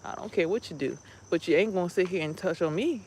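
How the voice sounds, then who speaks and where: A woman's voice: on the low side, fast, a little mellow, a little hiss or hum. A woman vlogging as a spiritual healer, talking casually and rambling bluntly through her stories, with some swearing. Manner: blunt, profane, rambling storytelling.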